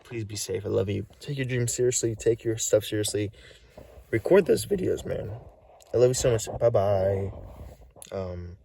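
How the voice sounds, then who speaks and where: Male vlogger, weary and short of breath, low and gravelly, halting speech with many restarts. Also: warm tone, distant mic, slight background noise. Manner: halting, full of restarts and repeats. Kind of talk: rambling recorded monologue.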